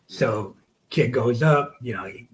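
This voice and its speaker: Male wrestler, forties, from the United States: loose, profane, animated storyteller with a mid-range voice. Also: mid-range voice, a little slow, low-quality recording. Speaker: wrestler guest. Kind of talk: casual storytelling interview.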